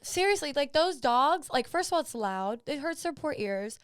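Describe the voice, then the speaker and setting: A woman's voice: high voice, sing-song, normal speed, no echo, studio quality. A woman in her twenties co-hosting a podcast, ranting emphatically in casual chat. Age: 20s. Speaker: podcast co-host.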